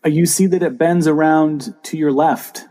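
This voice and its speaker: A man narrating a tabletop game as dungeon master, pausing often with ums and uhs. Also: on the high side, steady tone, dark tone. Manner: hesitant, many ums and uhs.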